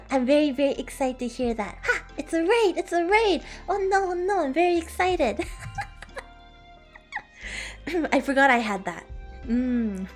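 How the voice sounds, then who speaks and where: A playful woman chats on her livestream in a bright, high voice that leaps up and down with animation. She giggles often, and soft music runs faintly underneath. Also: very animated, unhurried, pauses often. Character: playful dragon streamer persona. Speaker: streamer. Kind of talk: casual livestream chat with viewers.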